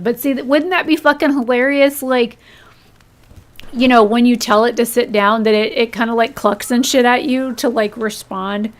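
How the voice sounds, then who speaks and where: A woman streaming a video game, reacting excitedly and swearing freely. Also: fairly high pitch. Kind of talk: casual game stream commentary.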